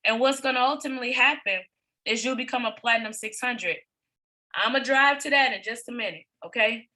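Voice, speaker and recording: A high-pitched, bright-toned middle-aged woman delivers a motivational training talk to her team. She talks emphatically, repeating her points and tossing out rhetorical questions. Her bright voice carries a forceful, pushing edge. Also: fairly quick, low-quality recording. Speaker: business coach presenting to a team.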